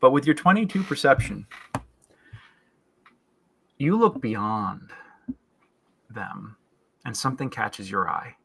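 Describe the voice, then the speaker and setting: Man game master, bright tense voice, descriptive narration, halting restarts. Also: medium pitch, very animated, gravelly, a little hiss or hum. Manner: descriptive, with frequent fillers and restarts.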